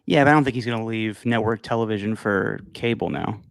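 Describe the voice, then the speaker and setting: Man, podcast co-host, casual sports chat, animated, dry close sound. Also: lowish voice, brisk, gravelly, no echo. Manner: animated, acts out announcers in mocking voices. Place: home, over a video call.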